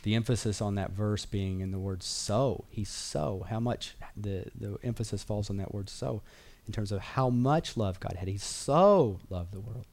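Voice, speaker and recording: A man's voice: fairly low pitch, moderate pace, gravelly, darkish tone. A man teaching a Bible class in an earnest, conversational way, repeating key phrases and reading verses aloud.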